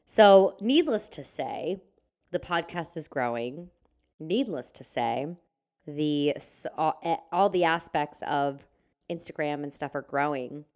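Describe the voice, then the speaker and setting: A woman's voice: deep voice, expressive, slow, darkish tone. A young woman hosting her own podcast, talking casually and rambling with lots of "like" and "um". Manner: chatty and rambling, with frequent "like" and "um". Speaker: podcast host. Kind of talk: casual solo podcast chat.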